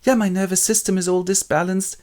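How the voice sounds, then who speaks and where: A man voicing a young woman, Desdemona, in a high plaintive voice for a toy-figure retelling of a play. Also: flat delivery, fairly quick, a little mellow, natural voice. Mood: bewildered.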